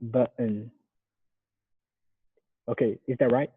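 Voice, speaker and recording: A Brazilian man whose first language is Portuguese practices English words, repeating each one carefully. He speaks very slowly and checks whether he got it right. His voice comes through a thin, phone-like video call. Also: medium pitch, steady tone, breathy edge. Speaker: software engineer learning English. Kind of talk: pronunciation practice.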